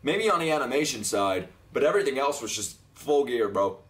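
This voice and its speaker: A young man hosting an anime reaction video, talking excitably, swearing freely and often laughing. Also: mid-range voice, fairly quick. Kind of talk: live reaction commentary.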